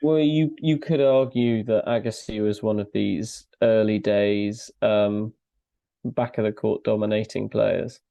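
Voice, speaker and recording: Wry man, mellow voice. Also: fairly low pitch, steady tone, measured pace, vocal fry, dry recording, muffled recording. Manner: wry, self-mocking. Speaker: podcast co-host. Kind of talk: casual podcast chat.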